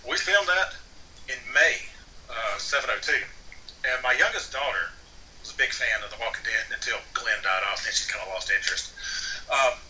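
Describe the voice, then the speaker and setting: Bright-voiced man telling an animated story. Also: medium pitch, normal speed. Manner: animated storyteller with frequent restarts and laughs. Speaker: guest, TV extra. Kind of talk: casual anecdote telling. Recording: distant mic with faint background noise.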